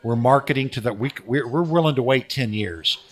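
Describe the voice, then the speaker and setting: An older man spins stories from his years in radio, unhurried and anecdotal, circling back over his words as he goes. He speaks as a guest in a casual interview, at an everyday pitch. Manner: relaxed anecdotal, frequent restarts.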